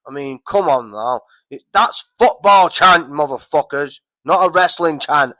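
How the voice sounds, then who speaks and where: A man's voice: on the high side, unhurried, pushed and bright, dry recording. A man giving a casual, rambling recap of a wrestling show, swearing heavily and getting heated. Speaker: wrestling commentator vlogger.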